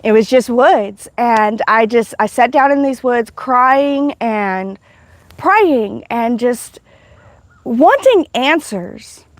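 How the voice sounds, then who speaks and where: Woman, higher voice, dry close mic, rambling heartfelt testimony livestream. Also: lively intonation, takes it slowly, no echo. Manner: emotional, rambling storytelling with many restarts. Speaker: livestream host.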